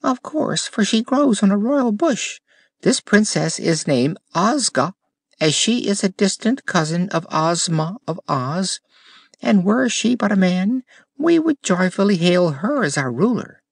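A man's voice: high voice, sing-song, measured pace, gravelly, breathy edge, dry recording, studio quality, voice pushed up, exaggerated voice. A man voicing a formal, explanatory male gardener of a rose kingdom in an audiobook. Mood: explaining.

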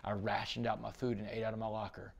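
A Texan man guesting on a podcast tells a dramatic story in an interview. His voice is fairly low, quick and creaky, and it climbs into excited bursts.

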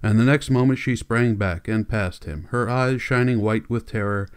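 A male audiobook narrator reading a classic novel in a measured, steady storytelling manner. His voice sits at an ordinary middle pitch for a man. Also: smooth. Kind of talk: scripted narration.

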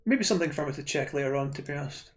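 A man's voice: fairly high pitch, animated, racing. A Scottish man streaming retro games, chatting casually and rambling to his viewers with frequent restarts.

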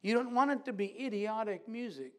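A man's voice: high voice, brisk, darkish tone. A man preaching a sermon in a church, earnest and repeating phrases for emphasis.

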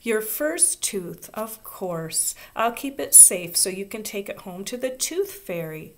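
A woman voicing a kind, patient kindergarten teacher who speaks slowly and gently. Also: medium pitch, big pitch swings.

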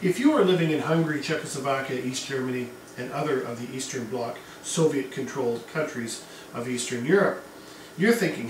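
A man's voice: mid-range voice, a little fast, slight background noise. A man giving a casual history lecture to a class, talking in a conversational way with asides and fillers. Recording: echoey room, mic at a distance.

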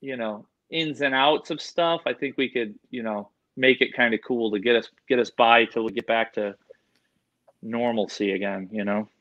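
Animal educator, male, excitable storyteller, bright tense voice, muffled lo-fi call audio. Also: mid-range voice, moderate pace. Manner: excitable, animated, swears casually, mimics people. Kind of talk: casual interview storytelling.

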